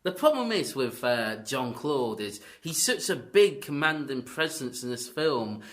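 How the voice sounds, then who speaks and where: Man, podcast host, sarcastic mock-earnest tone, bright edgy voice. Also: mid-range voice, very animated, a little slow. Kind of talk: casual film review chat.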